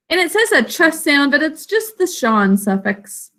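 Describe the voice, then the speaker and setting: Slow, bright-voiced woman teacher. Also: sits high, big pitch swings. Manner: slow, careful sounding out of words; encouraging. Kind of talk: online literacy lesson. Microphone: video call.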